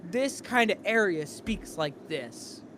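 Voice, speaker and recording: A man's voice: high-pitched, animated, takes it slowly, fairly bright tone. A man with a New England accent chatting casually on a livestream in a rambling way, often restarting his sentences. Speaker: streamer. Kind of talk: casual chat. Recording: noisy livestream audio.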